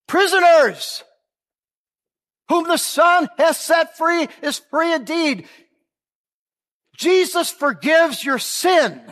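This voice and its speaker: A male preacher delivering a sermon, who switches between shouting for emphasis and a calm, conversational way of talking. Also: extremely high pitch, long reverb tail.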